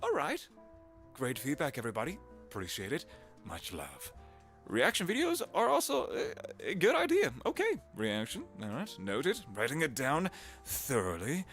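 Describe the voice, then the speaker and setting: A male voice actor chatting casually on a live stream, animated and talkative, laughing often. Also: medium pitch, moderate pace, soft background music.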